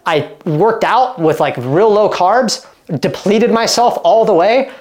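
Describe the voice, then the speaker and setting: A man in his thirties from Oregon, a fitness coach talking casually to camera in an animated, emphatic way, full of fillers and quick restarts. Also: high voice. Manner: animated and emphatic, acts out quoted dialogue.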